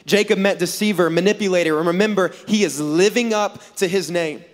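High-voiced preacher in a reverberant hall. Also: male voice, brisk. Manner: animated, acts out dialogue in voices, jokes with the crowd. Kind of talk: sermon with comic storytelling. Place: large hall with a live audience on stage.

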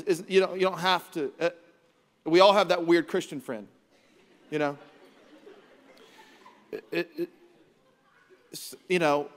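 High-voiced, lively preaching man. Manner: energetic, joking, acts out his kids' voices. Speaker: pastor. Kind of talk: sermon. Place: large church auditorium. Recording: reverberant church hall.

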